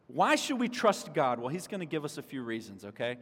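A man's voice: mid-range voice, very animated, fairly quick, slightly rough. A man preaching a sermon as pastor, earnest, with repeated words and restarts. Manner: dramatic shouts when voicing the psalm's cries. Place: church sanctuary. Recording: long hall reverb.

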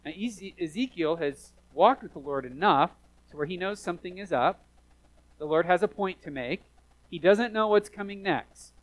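A pastor delivering a sermon to his church, his fairly high voice dropping to hushed asides and then rising to loud, emphatic declarations. The man keeps it animated and conversational. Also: normal speed, rough recording.

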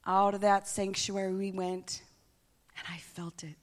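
A middle-aged woman giving a preached testimony, animated, moving between emphatic lines and hushed ones. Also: mid-range voice, unhurried. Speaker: church staff member giving testimony. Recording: long reverb of a large hall.

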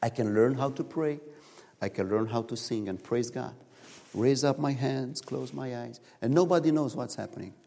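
A man preaching a sermon in a church, telling stories in animated, non-native English, recorded in a reverberant hall. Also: medium pitch, normal speed, gravelly. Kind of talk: sermon with storytelling.

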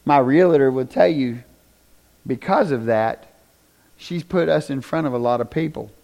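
This man's sermon to the congregation comes in a mid-range, gravelly voice, a little on the slow side. Animated throughout, he tells stories, acts out the people he quotes, trades jokes with the room and wraps up in prayer.

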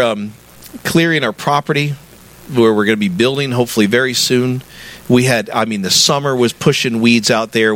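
A middle-aged pastor preaching a sermon in a church. His delivery is conversational and friendly, with a mid-range pitch, and he builds to animated, emphatic peaks. His voice sits easily in a church sanctuary.

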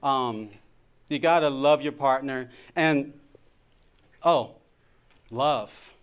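A man's voice: mid-range voice, drawn-out words, clear, resonant tone. A middle-aged man giving an informal sermon about marriage, talking conversationally and often repeating his words.

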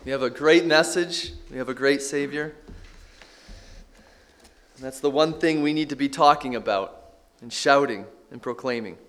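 A man's voice: medium pitch, moderate pace, pauses often, a bit bright. A man preaching a sermon as a pastor, stretching out key phrases for emphasis.

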